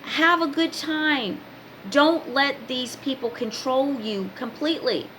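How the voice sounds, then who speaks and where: A woman's voice: high-pitched, slow, a bit bright, slight background noise, rough recording. A woman talking casually to her viewers, giving spiritual advice in an emphatic, preachy way with many repeated commands. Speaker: spiritual advice vlogger and card reader.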